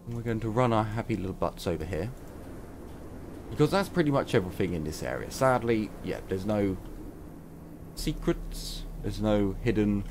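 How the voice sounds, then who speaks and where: A man's voice: fairly low pitch, background noise. A gaming YouTuber, a man, chatting casually and reading game text aloud during a let's play. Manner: casual, rambling, jokey asides.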